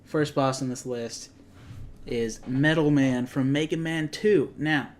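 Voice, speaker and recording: A man's voice: medium pitch, fairly even intonation, slow. Rambling young man chatting about games. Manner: rambling, self-correcting. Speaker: co-host. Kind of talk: casual gaming chat. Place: garage.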